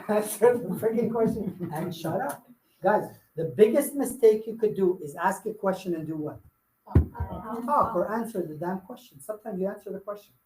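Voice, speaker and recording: A man's voice: sits high, darkish tone, a little hiss or hum. A man coaching salespeople in a live workshop, emphatic and playful, hammering his points home with repetition. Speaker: sales trainer. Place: meeting room with audience. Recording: echoey room.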